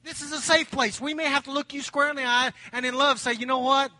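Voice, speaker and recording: A man preaches to his congregation in an animated, folksy way, joking as he makes his point. His voice sits unusually high and sounds bright and forceful. The sound is dry and close. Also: fast, no room sound. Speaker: pastor. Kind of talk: sermon.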